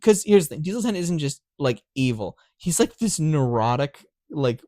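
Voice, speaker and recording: A man co-hosting a podcast in casual chat, animated and laughing often, sometimes slipping into character voices. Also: a little high, normal speed, dry recording, studio quality. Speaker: podcast co-host. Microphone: podcast microphone.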